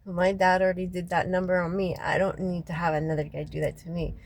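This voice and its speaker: A woman, crying as she vents in a raw, profane personal rant, her voice often sinking low and quiet. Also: little pitch movement, quick pace, rough recording. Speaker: local resident venting after a city meeting. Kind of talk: emotional personal vlog rant.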